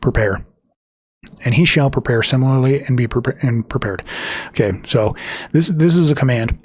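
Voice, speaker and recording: A man reading scripture aloud and explaining it, talking haltingly with many fillers and restarts, and reading the quoted passages quicker than his own remarks. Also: mid-range voice, slightly rough, no echo, clean studio sound. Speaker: Bible teacher.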